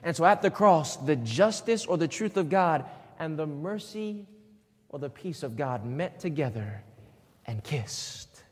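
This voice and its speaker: A man with a high voice preaches a sermon in a church hall, and a long reverb trails after his words. He is emphatic, repeats his key phrases, and keeps prompting the congregation to answer him. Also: expressive, a little slow, breathy edge. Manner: call-and-response, asks the congregation questions.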